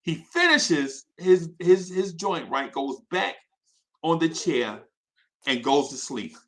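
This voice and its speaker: This host takes it slowly in a voice on the high side as he energetically tells an anecdote on a live show. He restarts a lot and keeps checking in with his listeners using "right?"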